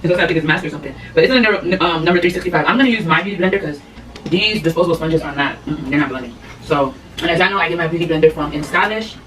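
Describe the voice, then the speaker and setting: A woman's voice: sits low, racing, fairly bright tone. A young woman in casual, blunt, slangy chat with a friend while she does her makeup. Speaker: beauty vlogger. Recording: echoey room, mic at a distance.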